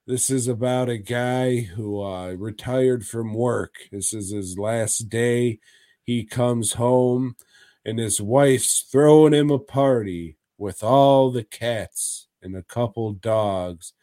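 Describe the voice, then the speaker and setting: Brief: male podcast co-host, crude and rambling, unhurried, dry close sound. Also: mid-range voice, mellow, no echo. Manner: crude, rambling recaps with laughs. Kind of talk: casual podcast chat.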